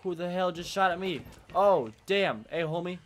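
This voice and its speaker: A young man with a nasal voice giving excitable, swearing gameplay commentary as a channel host. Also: sits high, normal speed, background noise. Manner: excitable, swearing, loud outbursts.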